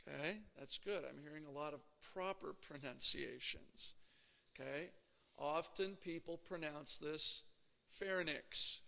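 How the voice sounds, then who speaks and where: Male lecturer, a bit high in pitch with some fry, casual teaching tone, echoing hall. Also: a little slow, pushed and bright. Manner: conversational, checks in with frequent "okay?" and "right?". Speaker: anatomy lecturer. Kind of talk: classroom lecture.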